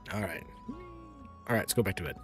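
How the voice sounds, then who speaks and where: A man's voice: lowish voice, expressive, normal speed, vocal fry. A man streaming a game, musing aloud in a rambling way and correcting himself as he goes. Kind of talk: casual gameplay streaming. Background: faint game music.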